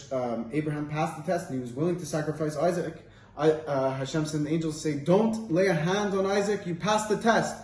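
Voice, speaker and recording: A man with a slightly high voice gives an informal Torah lesson, telling stories loosely and with plenty of fillers. He sounds set back from the mic in an echoey room. There is a faint background ambience. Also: a little mellow, recorded from a distance, slight background noise. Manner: casual, rambling, with frequent fillers. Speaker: Torah teacher. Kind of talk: informal Torah talk with storytelling.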